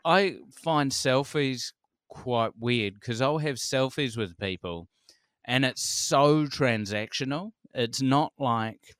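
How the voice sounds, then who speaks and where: A New Zealand man in his forties chats on a podcast in a smooth, resonant voice. He tells stories with lively energy and acts out what other people said. The sound is dry and close. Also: medium pitch, slow pace, no room sound. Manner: animated storyteller, acts out quotes, laughs often. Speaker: comedian guest. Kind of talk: casual podcast chat.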